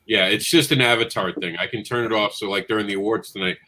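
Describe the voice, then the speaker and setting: A man's voice: on the low side, fast talker. A man hosting a live online panel chat, talking with passion and often cutting in on others. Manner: animated, impassioned, talks over others. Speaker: livestream show host.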